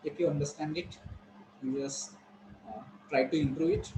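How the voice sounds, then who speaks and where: A man's voice: on the high side, fairly even intonation, moderate pace, noisy background. A man with an Indian English accent teaching an online class, explaining words and repeating them for students. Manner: instructive, repeats words, asks students questions.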